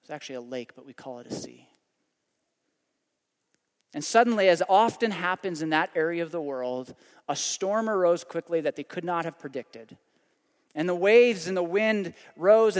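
High-voiced preacher in a reverberant hall. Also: male voice. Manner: dramatic storytelling, surging then hushed prayer. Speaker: pastor. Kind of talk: sermon.

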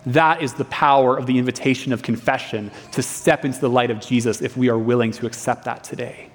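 A man's voice: mid-range voice, steady tone, a little fast, soft background music. A young man preaching a sermon in a church, telling a personal story in an earnest, conversational way. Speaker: pastor. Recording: long reverb of a hall.

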